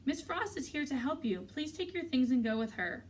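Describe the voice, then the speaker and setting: A polite, measured schoolteacher who talks down with gentle pity, voiced by a woman reading aloud. The voice sits fairly high. It is picked up from a little distance. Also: sing-song. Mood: patient. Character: patient, gently pitying female schoolteacher. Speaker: teacher character.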